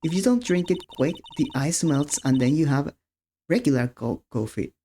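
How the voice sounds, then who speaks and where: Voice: lively intonation, normal speed, dark tone. A streamer voicing a sly, dramatic young woman witness, acting coy and theatrical while reading game dialogue aloud, with faint game music behind. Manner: coy and theatrical, turning shrill when cornered.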